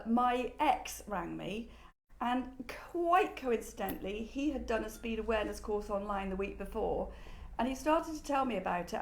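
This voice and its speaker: A woman who owns a shop, chatting expressively and often pausing on "um". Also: on the high side, a little hiss or hum, low-quality recording. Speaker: furniture shop owner and host. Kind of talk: casual chat. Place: in her shop.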